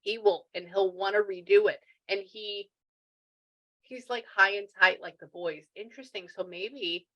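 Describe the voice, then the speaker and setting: A woman medium talks through a reading with a bright, forward voice. She chats loosely, restarts her sentences and thinks aloud as she relays messages. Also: mid-range voice, fairly even intonation, measured pace, dull audio. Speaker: spiritual medium.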